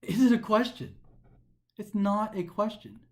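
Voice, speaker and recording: A male instructor walking through practice test questions, reading passages aloud and then thinking them through. His voice sits a little on the high side, and he talks in an animated, lively way. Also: unhurried.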